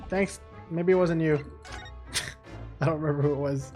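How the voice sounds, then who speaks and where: A man streaming a video game, giving excitable commentary with plenty of swearing. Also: fairly high pitch, moderate pace, soft background music. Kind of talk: let's play commentary.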